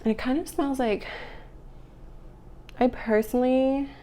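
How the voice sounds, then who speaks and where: A young woman chatting casually while doing her makeup, rambling with lots of fillers, her voice rough from the morning. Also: high voice, fairly even intonation, measured pace, dark tone, a little hiss or hum. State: morning voice, clearing throat. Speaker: beauty vlogger. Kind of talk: casual get-ready-with-me chat.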